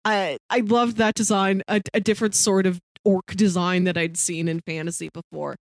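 A woman's voice: mid-range voice, level tone, normal speed, dry recording. A woman co-hosting a casual book-club podcast, retelling a story with enthusiasm. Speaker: podcast co-host.

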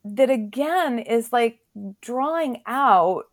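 A woman's voice: on the high side, expressive, slow pace, no room sound, studio quality. A woman hosting a podcast, chatting casually and thinking aloud with curious questions. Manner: thoughtful, lots of fillers, loose and curious. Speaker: podcast host. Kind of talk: casual interview chat.

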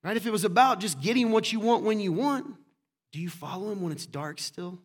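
A man's voice: sits high, expressive, brisk. A male pastor preaching a sermon to a congregation in a conversational way, firing off rhetorical questions and joking asides. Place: church room with congregation.

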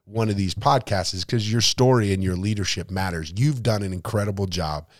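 A man's voice: lowish voice, brisk, no room sound, studio quality. A man, a pastor hosting a church podcast, talking earnestly with thanks and closing in prayer. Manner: earnest and thankful, with many restarts.

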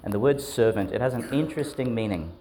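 A man's voice: medium pitch, lively intonation, quick pace, mellow. A man, a priest giving a homily to schoolchildren in a chatty, questioning way that often breaks into laughs. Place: school church service.

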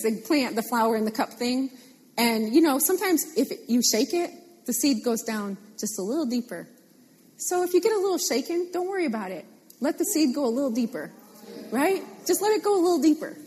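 A woman preaching a sermon, animated and playful, repeating phrases for emphasis. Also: high voice, a little fast, long reverb tail.

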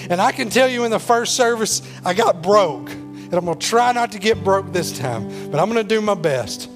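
A man preaching a sermon as pastor, swinging between loud pleading and hushed intensity. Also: high voice, expressive, normal speed, music in the background.

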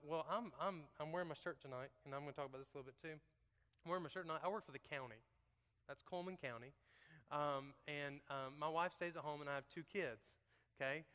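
A man gives a joking, folksy testimony to his congregation, speaking straight to the crowd. His voice sits a little high and comes across bright and forceful. It rings out with the long reverb of a big church hall. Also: smooth. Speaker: church member giving testimony.

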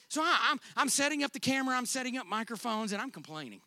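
A male pastor delivering a sermon with a high, bright, forceful voice. He moves from loud, stretched-out emphatic lines to hushed, chatty storytelling. The sound is close and dry with no room echo. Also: sing-song, fast talker. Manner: dynamic preaching, swinging from loud emphatic declarations to quiet storytelling.

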